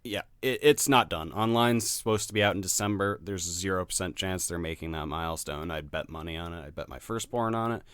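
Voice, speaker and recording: A man co-hosting a podcast in casual chat, blunt and quick to laugh. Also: sits low, fairly bright tone, clear, resonant tone, no room sound. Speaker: podcast co-host.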